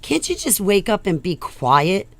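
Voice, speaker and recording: A woman's voice: medium pitch, big pitch swings, measured pace, voice pushed up. A woman mimicking her exasperated, nagging ex-partner in a raised, scolding voice.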